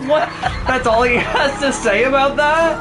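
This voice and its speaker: A man's voice: very high-pitched, measured pace, music in the background. A man streaming a game, joking crudely with a co-host and swearing often. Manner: crude, incredulous, swears a lot. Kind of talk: casual joking banter over gameplay.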